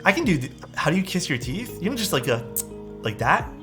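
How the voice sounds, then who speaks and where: A young man talks casually to his live-stream viewers, swearing freely and calling everyone dude. His voice sits a bit high and swings widely up and down as he grumbles and laughs. Soft music plays faintly underneath. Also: very animated, fairly quick.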